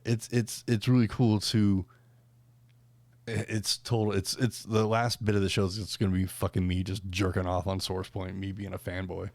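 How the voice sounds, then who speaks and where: A man's voice: deep voice, little pitch movement, normal speed, darkish tone, no room sound. A man hosting a podcast in casual chat, rambling with lots of fillers and restarts. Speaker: podcast host.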